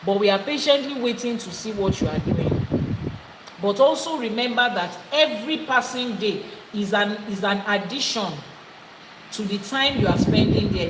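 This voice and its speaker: A woman leads a spiritual teaching, pressing her listeners by repeating her points. Her voice sits at an ordinary middle pitch. The recording is echoey and full of loud background noise. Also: lively intonation, moderate pace. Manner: emphatic, repeating phrases for effect. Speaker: Ifá priestess and teacher.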